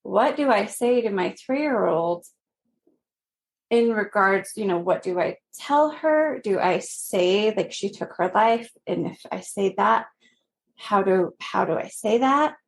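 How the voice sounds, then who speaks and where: A woman in her thirties telling a personal story as a podcast guest, earnest and gently laughing between phrases. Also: mid-range voice, lively intonation, takes it slowly.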